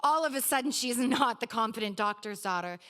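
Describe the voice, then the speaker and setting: A woman reading her own personal essay aloud at a live literary event, wry and lively, with quick asides. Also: a little high.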